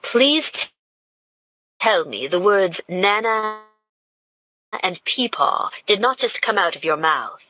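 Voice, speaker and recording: A woman's voice: medium pitch, very animated, slow, pauses often, pushed and bright, highs cut off, heavily acted. Woman voicing a curt British billionaire. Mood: exasperated. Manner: curt, exasperated. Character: irritable stiff British billionaire man.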